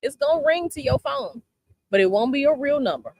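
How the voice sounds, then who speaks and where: A woman's voice: high voice, animated, brisk, no room sound. A woman from Chicago hosting a casual chat with her viewers outdoors, sassy and emphatic, repeating her advice. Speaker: tarot channel host. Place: outdoors by a palm tree, planes overhead.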